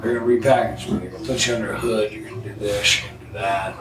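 A man's voice: lowish voice, rapid-fire, distant mic. A man telling a story on a talk show, casually and with a lot of swearing, acting out what others said. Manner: profane, animated storyteller acting out quotes. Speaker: podcast guest. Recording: roomy echo, off-mic, music bed.

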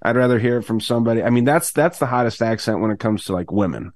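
A man's voice: mid-range voice, lively intonation, quick pace, darkish tone, no echo, clean studio sound. Rambling, profane man hosting a podcast. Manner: rambling, profane, many fillers and restarts. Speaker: podcast host. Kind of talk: casual chat.

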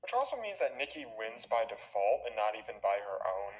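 A man's voice: lowish voice, fairly quick, low-quality recording. A man hosting a casual podcast chat, retelling a film scene by scene and acting out its characters' lines. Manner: animated, acts out movie characters' lines. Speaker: podcast host.

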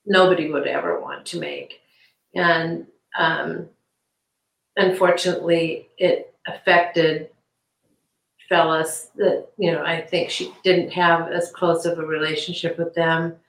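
Halting, lower-voiced woman in echoey room. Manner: halting, many restarts and fillers; animated when quoting others. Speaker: interview guest, victim's aunt. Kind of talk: conversational interview.

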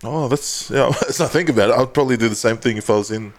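A man's voice: medium pitch, fast talker. Swearing, laughing laid-back male podcaster. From Pacific Islander heritage. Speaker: podcast co-host. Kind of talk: casual podcast chat.

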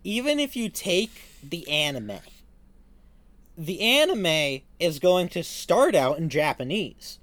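A man's voice: on the high side, sing-song, slow, a bit bright, no room sound. A young man co-hosting a podcast, chatting casually in a matter-of-fact way. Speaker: podcast co-host. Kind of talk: casual chat.

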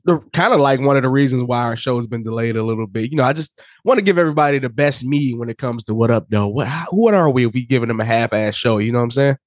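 Slightly hoarse man, casual podcast host. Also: mid-range voice, fast, no echo, clean studio sound. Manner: relaxed, loose, with frequent fillers and laughs. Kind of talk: casual chat.

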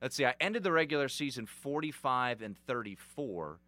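A man's voice: mid-range voice, lively intonation, normal speed, sharp tone. A man who co-hosts sports radio, talking bluntly and frankly with the odd casual curse.

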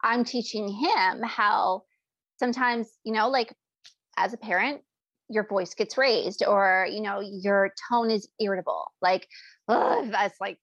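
A woman's voice: medium pitch, measured pace, a bit bright, no room sound. A woman co-hosting a casual talk about parenting, chatting freely and acting out little back-and-forth dialogues as she explains. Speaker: podcast co-host. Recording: dry, dull lo-fi sound.

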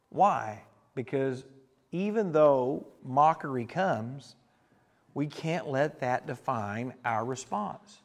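A man's voice: mid-range voice, expressive, slow pace. A male pastor preaching a sermon, telling stories with emphasis and putting questions to the congregation.

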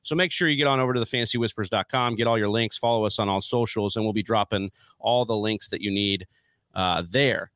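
A man's voice: fairly low pitch, a little fast, a bit bright, dry recording. A man co-hosting a casual sports podcast, chatty and upbeat, building hype as he talks to listeners on a close mic. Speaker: podcast co-host. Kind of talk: casual fantasy football podcast talk.

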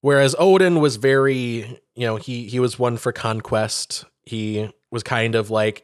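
A man's voice: medium pitch, unhurried, hardly any pauses, no room sound, clean studio sound. Casual, rambling man recapping a story. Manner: rambling, profane storytelling with acted-out quotes. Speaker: podcast co-host. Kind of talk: casual chat.

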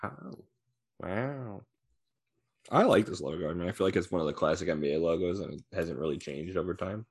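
A man's voice: low voice, racing, few pauses, darkish tone, husky. A man in casual podcast chat, blunt and sarcastic. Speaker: podcast co-host.

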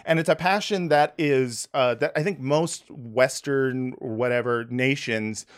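A man's voice: medium pitch, a little slow. A man hosting a podcast in casual conversation, rambling with many fillers and laughing easily. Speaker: podcast host.

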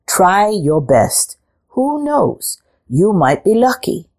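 A woman's voice: medium pitch, sing-song, slow pace, a little mellow, voice pushed up. A woman voicing an old farmer father who speaks firmly and urgingly.

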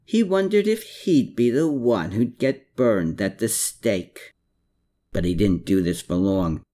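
A man reading a novel aloud in a measured storytelling manner. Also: fairly low pitch, expressive, warm tone. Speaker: audiobook narrator. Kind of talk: scripted narration.

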